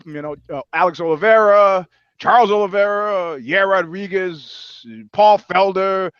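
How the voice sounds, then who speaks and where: A man's voice: high voice, unhurried, clear, resonant tone, no room sound, muffled recording. Joking, mock-scolding podcast co-host man. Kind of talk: casual comedic chat.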